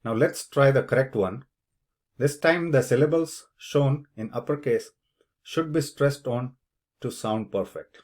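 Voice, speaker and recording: A man explains an English speaking test as an unhurried, measured lesson, slow and deliberate. His voice sits at an ordinary middle pitch and is a little mellow, and he pauses to say example words aloud, showing which syllable takes the stress.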